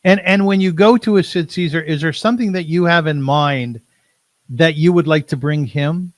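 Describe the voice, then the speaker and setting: A male host asks questions, often stumbling over the first words. His voice sits fairly high. The recording is dry and close. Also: moderate pace, no echo. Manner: hesitant, repeats words when starting questions. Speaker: podcast host. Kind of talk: interview questions.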